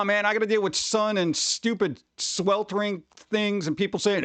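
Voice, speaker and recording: A man's voice: sits high, steady tone, normal speed, few pauses, a bit bright, no room sound. A man chatting casually on a live stream, rambling and joking as he reads chat aloud.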